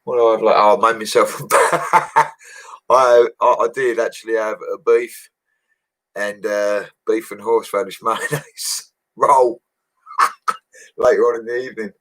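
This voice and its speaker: On a livestream from his home, a young bricklayer chats with viewers, answering their comments, laughing often and using plenty of slang in a laid-back way. His fairly low, slightly bright voice holds a steady tone, runs a little slow and leaves long pauses.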